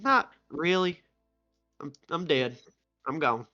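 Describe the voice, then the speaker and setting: A man's voice: on the high side, expressive, takes it slowly, pushed and bright, exaggerated voice. A man voicing a laid-back dead cowboy with a put-on Southern accent, in dull lo-fi stream audio with faint music behind.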